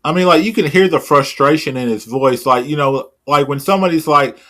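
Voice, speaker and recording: A man's voice: fairly high pitch, brisk, few pauses, pushed and bright. A man co-hosting a podcast, talking loosely with frequent fillers. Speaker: podcast co-host. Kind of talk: casual wrestling commentary.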